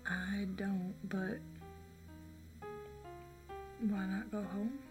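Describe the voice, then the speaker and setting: A woman playing a guilt-laden female witch mentor, speaking softly and evasively. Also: mid-range voice, fairly even intonation, very slow, over music. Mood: hushed. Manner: soft, hushed, evasive.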